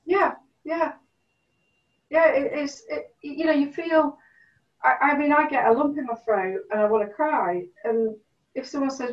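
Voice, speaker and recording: A middle-aged woman telling stories in a casual chat, animated, acting out what people said. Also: sits high, unhurried. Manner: animated storyteller, acts out quotes. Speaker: guest. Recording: distant, roomy, dull sound.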